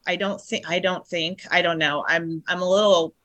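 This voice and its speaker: Shaken low-voiced woman telling her story. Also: fairly even intonation, a bit bright. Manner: halting, with many restarts and fillers. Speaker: guest. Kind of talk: emotional personal storytelling.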